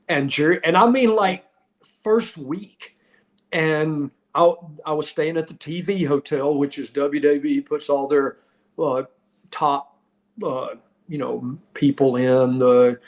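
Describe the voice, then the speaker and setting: A man in his fifties, a podcast host and former wrestler, telling stories in casual chat with frequent laughs. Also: medium pitch. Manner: animated storyteller, laughs often.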